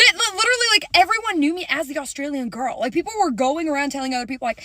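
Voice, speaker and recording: A young woman tells a comic story from her own life with big swings between loud bursts and hushed asides. Her voice is high and bright, and the dry sound sits close to the mic. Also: expressive, fast, few pauses, dry recording. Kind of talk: comic personal story to camera.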